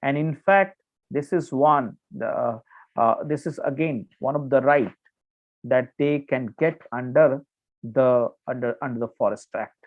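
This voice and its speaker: A man's voice: mid-range voice, unhurried. A man with an Indian English accent teaching a current affairs class, explaining with many restarts and fillers and checking in with "okay". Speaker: exam coaching teacher. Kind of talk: online current affairs lecture. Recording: tinny phone-like audio.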